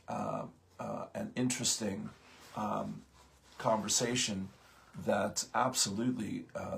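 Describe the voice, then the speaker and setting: A man hosting a morning spiritual talk, speaking haltingly with many pauses and fillers, just out of bed. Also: lowish voice, creaky. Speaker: host of a morning spiritual program.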